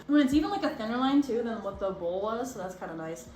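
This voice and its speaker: A young woman chatting casually while doing a craft project, bubbly and excitable, gasping and squealing as she goes. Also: a little high, fast talker, few pauses, soft background music. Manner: vocal tics. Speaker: crafting vlogger. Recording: echoey room with faint background noise.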